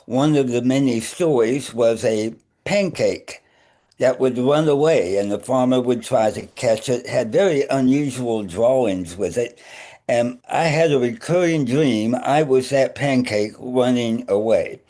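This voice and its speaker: An older man with a slight speech impediment, a minister telling stories on a radio show in a wry, deadpan way. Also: medium pitch, measured pace. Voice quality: slight speech impediment after tongue surgery. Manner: wry storyteller, deadpan humor. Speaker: minister and guest.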